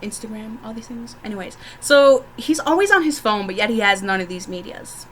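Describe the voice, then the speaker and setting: A woman's voice: on the high side, lively intonation, fairly quick, slight background noise. A young woman vlogger telling candid stories to the camera, frank and profane, often laughing as she talks.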